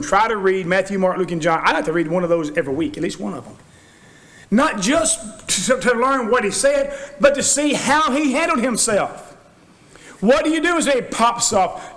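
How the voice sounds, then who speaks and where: Folksy, high-voiced preacher. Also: male voice. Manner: folksy and animated, acts out quoted voices. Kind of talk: sermon. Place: church.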